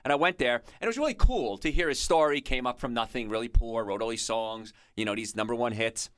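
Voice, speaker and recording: This is conversational health talk from a man hosting a radio show, who drifts into tales and asides while explaining into a studio microphone. He has a smooth, medium-pitched voice with a fairly bright tone and a slightly quick pace, recorded dry.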